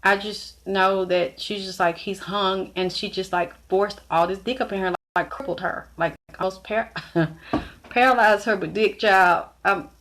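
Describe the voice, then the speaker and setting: A woman's voice: mid-range voice, fairly even intonation, a little slow, fairly bright tone. A middle-aged woman vlogger telling a personal story to her viewers, blunt and frank, talking straight to them. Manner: blunt, frank, acts out others' lines in shifted voices.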